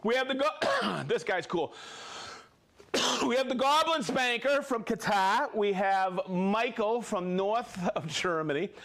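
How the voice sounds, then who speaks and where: Live stream host, male, upbeat reader of viewer shout-outs, high lively voice. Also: slow pace. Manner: upbeat, reads viewer names and places, jokes and laughs. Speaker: livestream host.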